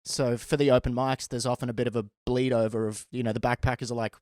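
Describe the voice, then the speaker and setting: A man and stand-up comedian telling a story in a casual, animated way, often laughing as he goes. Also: mid-range voice, fast.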